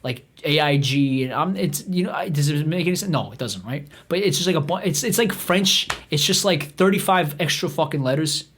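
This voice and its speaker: A man with a slightly raised pitch rambles through a comic tale. He swears freely and keeps stopping to restart his sentences, like a podcast host riffing off the cuff. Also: a little fast, hardly any pauses, a bit bright, a little hiss or hum. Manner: profane, meandering, full of restarts and fillers.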